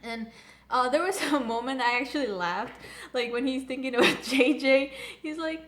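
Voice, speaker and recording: A woman's voice: high-pitched, normal speed, a bit bright. A young woman recapping and reviewing an anime episode in a casual, rambling, gushing fan manner. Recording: echoey room.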